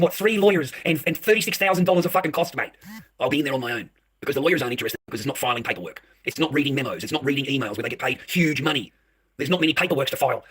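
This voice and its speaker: A husky-voiced man vents to his viewers at a rapid clip, his speech a touch higher than most men's. He swears freely and sounds heated and agitated. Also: a bit bright. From Australia. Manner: talks straight to the viewer. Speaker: vlogger. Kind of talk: direct-to-camera rant.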